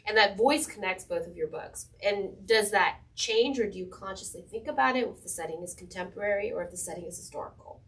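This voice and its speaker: A woman's voice: mid-range voice, brisk, hardly any pauses, a bit bright. A woman interviewing a fellow author, asking long, enthusiastic, rambling questions. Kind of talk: casual conversational interview. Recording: voice a bit distant from the mic.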